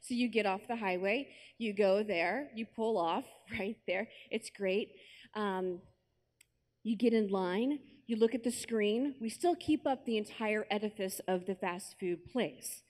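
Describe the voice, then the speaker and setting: A young American woman giving a personal testimony at a conference, telling her story with lively acted-out asides and quotes. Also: mid-range voice, a little slow. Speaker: conference speaker. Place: large conference hall with an audience.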